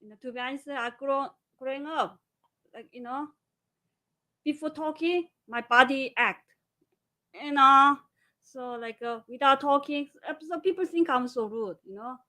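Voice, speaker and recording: A woman with a Korean accent talking casually in broken English, animated and acting out quotes. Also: high-pitched, a little slow. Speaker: guest. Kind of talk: casual chat.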